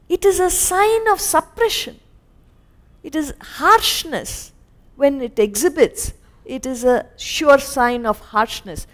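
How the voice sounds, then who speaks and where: Woman, Indian English accent, high voice, scripture lecture, lively storytelling. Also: a little slow. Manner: animated, acts out little scenes in quoted voices. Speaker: spiritual teacher. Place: lecture hall.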